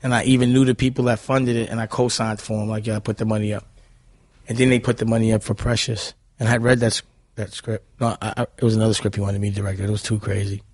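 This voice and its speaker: A man's voice: lowish voice, level tone, fast, a little mellow, dry recording. A man, telling stories bluntly and heatedly in a casual interview. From Harlem, New York. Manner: blunt, heated, repeats "you know what I'm saying". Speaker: guest.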